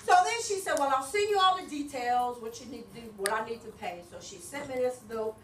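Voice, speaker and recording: A woman with a high voice gives a church testimony, telling her story with lively energy and acting out each side of the conversations. She is heard from a distance, and her voice rings around a reverberant hall. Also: brisk, heavy background noise. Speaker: church member giving a testimony. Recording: echoey hall, picked up from far off.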